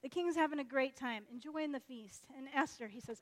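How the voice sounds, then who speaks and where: A woman delivers a sermon as lively, conversational storytelling, jumping into character voices along the way. Her voice sits high, and her delivery is chatty and animated. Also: brisk. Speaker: preacher.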